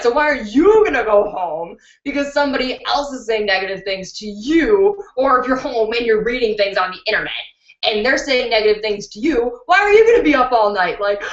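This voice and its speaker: A woman's voice: fairly high pitch, animated, normal speed. A young woman hosting a beauty channel live stream, chatting candidly with viewers and laughing easily, recorded on a built-in computer mic. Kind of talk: casual live-stream chat answering viewer questions. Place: indoors at home. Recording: dull, roomy laptop-mic recording.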